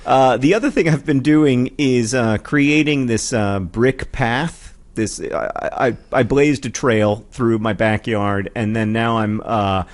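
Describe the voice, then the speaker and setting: A man's voice: medium pitch, slow, few pauses. Guy in his 40s chatting on a podcast, rambly, trips over words a lot, lots of ums. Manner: rambling, self-deprecating, many ums and restarts. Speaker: podcast co-host. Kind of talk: casual comedic chat. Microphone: studio mic with headphones.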